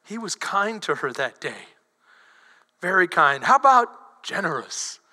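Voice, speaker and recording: A middle-aged man preaches in a very high, piercing voice, building to loud emphatic peaks and then dropping into soft, quiet asides. His words ring out with a long reverb, as if he were in a large church hall. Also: very animated, a little slow. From Texas. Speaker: pastor. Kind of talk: sermon.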